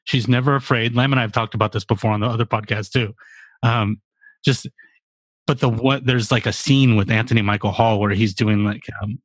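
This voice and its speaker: A man's voice: fairly low pitch, steady tone, brisk, no echo. A man in his forties in a casual podcast chat, rambling and profane with lots of fillers. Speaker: podcast co-host.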